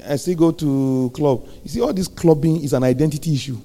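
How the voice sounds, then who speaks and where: A man preaches with a gravelly, rough edge to his fairly high voice. His tone is dark and mellow rather than bright. He drives the sermon with rhetorical questions and sudden swings from loud to hushed. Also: fairly quick.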